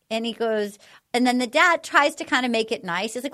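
A woman's voice: on the high side, moderate pace, a bit bright. A woman hosting a casual podcast, retelling a scene in a rambling way with many fillers. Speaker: podcast host. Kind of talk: casual recap chat.

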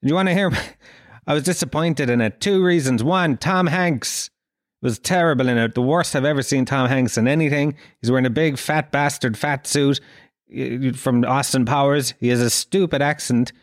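A man's voice: medium pitch, moderate pace, no room sound, clean studio sound. A man hosting a comedy podcast, ranting in a profane, self-mocking monologue. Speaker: podcast host.

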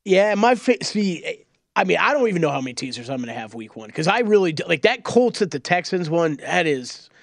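A man's voice: fairly high pitch, big pitch swings, fairly quick, vocal fry, dry recording, studio quality. A man co-hosting a sports betting podcast in an easygoing, casual way. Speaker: podcast co-host.

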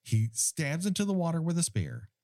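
A man's voice: a little high, huge pitch swings, moderate pace, warm tone, no echo, studio quality. A man co-hosting a podcast in casual chat, ranting with wry, mock-indignant humor. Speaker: podcast co-host.

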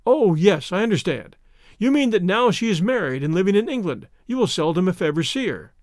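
An eager, outspoken young woman in a storybook reading, as a man puts her on. She talks with a high, lively lilt that swoops up and down, and the recording is close and dry. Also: brisk, no room sound. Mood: animated. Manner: eager, earnest chatter.

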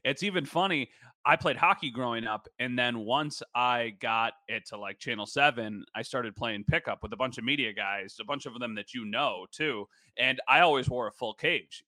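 Male podcast co-host, bright voice, chatty and self-deprecating, dry close mic. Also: mid-range voice, no echo. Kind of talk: casual podcast chat.

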